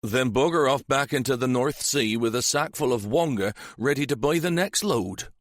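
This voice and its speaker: A man performs a shrewd, sly older police sergeant who teases and relishes menace, using a medium-pitched, fairly bright voice set above his own yet close to everyday speech. He speaks at a moderate pace, and the recording is dry with clean studio sound.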